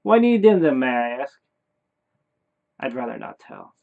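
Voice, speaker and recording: A man voicing a friendly, chirpy male neighbor in a loud, squeaky put-on voice. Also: sing-song, a little slow, creaky. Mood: cheery. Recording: tinny phone-like sound.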